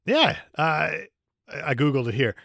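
A man on a casual podcast trades crude jokes and laughs often, his pitch a bit high and very lively. His voice is bright and edgy, recorded dry and close. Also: normal speed, creaky, no echo. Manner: joking, crude banter, laughs a lot. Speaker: podcast co-host.

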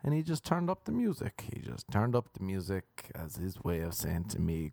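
Brief: male podcast host, unscripted and profane, lively rising and falling pitch, dry close sound. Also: normal speed, vocal fry, few pauses, no room sound. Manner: jokey, crude, rambling, playful voices. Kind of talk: unscripted solo podcast rambling. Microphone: microphone into laptop.

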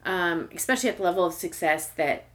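A woman in her forties from Southern California, a shop owner telling her story as an interview guest in a chatty, lively way with many fillers. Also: fairly low pitch, fast talker.

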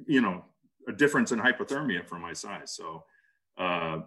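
A man casually recounting an ordeal in an interview, halting and animated. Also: low-pitched. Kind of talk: casual storytelling.

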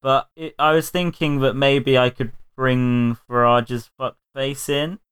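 A man's voice: medium pitch, fairly even intonation, a little slow, fairly bright tone, smooth. A man hosting a podcast in casual chat, rambling, swearing and laughing often. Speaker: podcast host.

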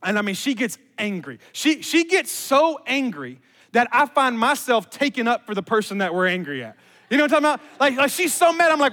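A man's voice: very high voice, very animated, fast, sharp tone, long reverb tail. A male pastor giving a conversational sermon, emphatic and repeating his key phrases with chatty asides.

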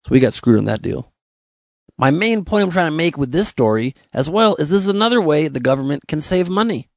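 A comedian man riffs wryly through odd news items, often jumping up in pitch for a punchline. His voice sits a little high with a gravelly rasp. The sound is dry and close. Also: expressive, a little fast, no echo. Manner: wry, riffing, with sudden jumps up in pitch for jokes. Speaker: comedian hosting a news roundup.

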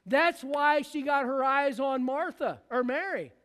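High-voiced man preaching in a reverberant hall. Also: unhurried, fairly bright tone. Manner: preaching with acted-out voices of biblical figures. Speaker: pastor. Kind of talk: sermon.

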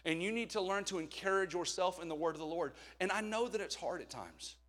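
A man's voice: sits high, a little fast, fairly bright tone. A middle-aged man preaching a candid, conversational sermon with jokes along the way. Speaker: pastor.

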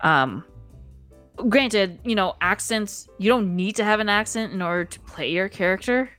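A woman's voice: medium pitch, animated, moderate pace, fairly bright tone, faint music behind. A woman co-hosting a podcast in casual chat, explaining her point in a matter-of-fact way. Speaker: podcast co-host.

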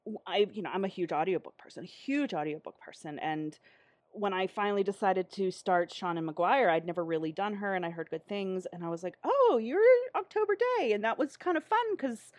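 A woman hosts a casual interview, gushing with enthusiasm and laughing often. Her voice sits on the low side and is recorded dry, with no room sound. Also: fairly quick, darkish tone, dry recording.

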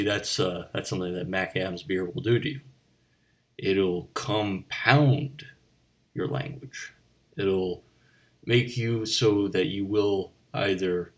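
A man hosting a comedy bit as a bartender, rambling in a deadpan way with slips and restarts. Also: lowish voice. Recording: voice a bit distant from the mic.

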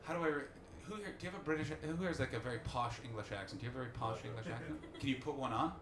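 A man's voice: medium pitch, racing, fairly bright tone, reverberant, a little hiss or hum. A man in his twenties from Canada hosting a live comedy podcast, riffing profanely on audience members. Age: 20s. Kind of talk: live stand-up podcast banter.

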